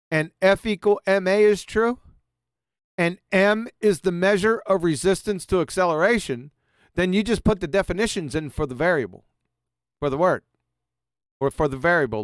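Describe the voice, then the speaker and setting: A man's voice: sits high, clean tone, no echo, studio quality. A man giving a mocking, profane presentation over slides, sarcastically addressing an absent author as he goes. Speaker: video presenter.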